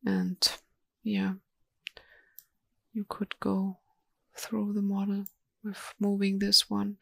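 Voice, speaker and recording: Slow, hesitant woman presenting software. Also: mid-range voice, completely flat delivery, vocal fry, dry recording, studio quality. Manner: slow, hesitant, many ums and restarts. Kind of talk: live software demo webinar.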